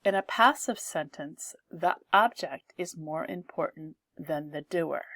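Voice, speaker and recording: Woman teacher, lowish voice, very slow and deliberate delivery, dry close sound, grammar-lesson explainer. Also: a bit bright, dry recording. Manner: slow, careful explaining, reading example sentences aloud.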